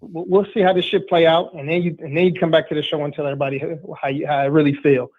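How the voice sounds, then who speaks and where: A man's voice: fairly high pitch, little pitch movement, very fast. A man hosting a casual talk show, brash and streetwise, reading chat comments. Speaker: podcast host, trainer. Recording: tinny phone-like line.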